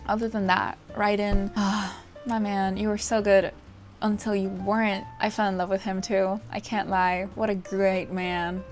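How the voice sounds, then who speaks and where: A young woman talking casually as a book vlogger, gushing and animated, laughing often and swearing now and then. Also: mid-range voice, measured pace, soft background music. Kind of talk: casual chat.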